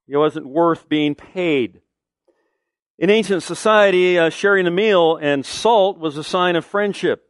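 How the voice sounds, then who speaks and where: Male pastor, sermon, emphatic, rhetorical questions, higher voice, dry close sound. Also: no room sound.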